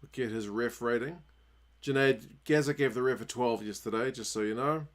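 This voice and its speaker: A man with a New Zealand accent hosting a casual rugby watchalong stream, chatting with viewers and getting excited at big plays. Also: medium pitch, moderate pace. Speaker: livestream host.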